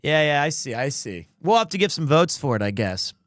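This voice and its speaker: A man's voice: fairly high pitch, big pitch swings, a little fast, a bit bright, no room sound, studio quality, voice pushed down. A man voicing a dim, blustery male detective with a put-on New York accent. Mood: exasperated. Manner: blustery, complaining.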